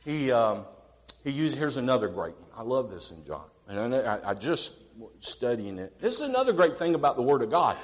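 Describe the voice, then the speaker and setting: A man preaching a sermon who swings from quiet asides to emphatic declarations and asks his congregation questions. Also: medium pitch, sing-song, fairly quick, in a large hall.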